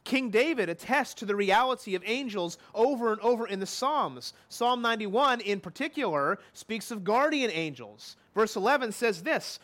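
A man's voice: sits high, expressive, moderate pace, hardly any pauses, fairly bright tone. A man preaching a sermon in a conversational way, often putting questions to his listeners.

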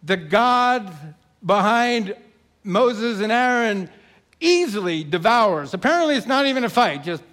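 Animated high-voiced male preacher. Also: a little slow. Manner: animated, emphatic, acts out the story. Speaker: pastor. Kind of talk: sermon.

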